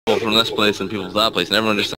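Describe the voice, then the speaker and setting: A man's voice: fairly low pitch, little pitch movement, rapid-fire. A Scottish man chatting casually with friends while gaming, blunt and swearing freely. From Scotland. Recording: noisy background.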